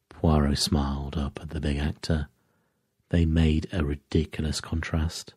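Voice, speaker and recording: Low, dark-voiced male storyteller. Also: little pitch movement, breathy edge, no room sound, studio quality. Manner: slow, measured storytelling. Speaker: narrator. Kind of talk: scripted sleep-story reading.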